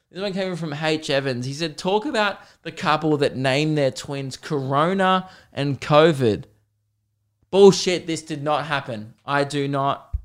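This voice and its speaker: A man hosting a solo comedy podcast, rambling, swearing and self-deprecating. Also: mid-range voice. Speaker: podcast host.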